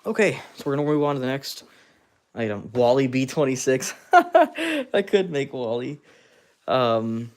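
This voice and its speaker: A man's voice: mid-range voice, very animated, unhurried. A man hosting a casual live stream, chatting and laughing as he works with his hands and talks to viewers. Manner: chatty, laughs often, narrates while working with his hands; talks to fans and reads out chat. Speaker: live-stream host sculpting with clay.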